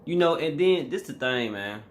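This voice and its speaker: A man's voice: a little high, lively intonation, moderate pace, a little hiss or hum. A man vlogging a casual reaction commentary, emphatic and slangy, talking straight to his viewers.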